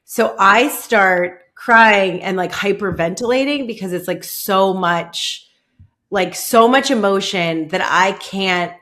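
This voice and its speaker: Woman podcast host, casual storytelling, mid-pitched voice, hesitant and filler-heavy delivery. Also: a bit bright. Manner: halting, heavy use of "like", many restarts.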